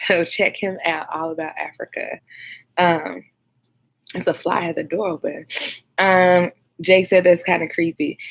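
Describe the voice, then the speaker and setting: A tired woman, a dispatcher chatting casually on a storytime livestream, rambling with lots of fillers. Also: deep voice. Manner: rambling, many fillers, reads viewer comments aloud. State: tired and sleepy. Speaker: 911 dispatcher and video host.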